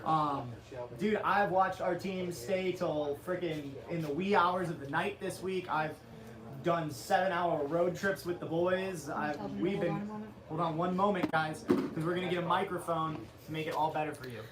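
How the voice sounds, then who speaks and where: A man's voice: on the high side, fairly even intonation, normal speed, roomy sound, crowd noise. A man co-hosting a company livestream, chatting loosely with viewers and joking with his co-host. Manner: loose, joking, talks to chat, says dude. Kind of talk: casual livestream chat.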